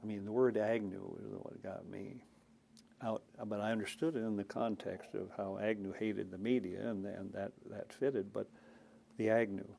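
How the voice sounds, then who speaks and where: Older man with a gravelly folksy voice. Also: on the low side, steady tone, normal speed, warm tone, slight background noise. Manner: folksy, anecdotal, chuckling, acts out quotes. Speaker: interviewee, former senator. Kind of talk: oral history storytelling.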